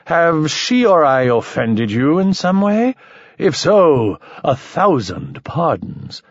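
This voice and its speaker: A man's voice: on the high side, big pitch swings, slow, no echo, highs cut off, pitched above the performer's own voice, exaggerated voice. A man voicing a mocking, mock-polite young man in a jester costume, with a sardonic drawl.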